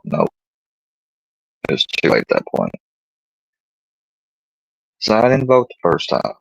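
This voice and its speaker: A man's voice: sits low, sing-song, unhurried, creaky, pauses often, slightly rough, dry recording, poor audio. A man hosting a casual livestream, rambling through personal stories with plenty of profanity. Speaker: livestream host.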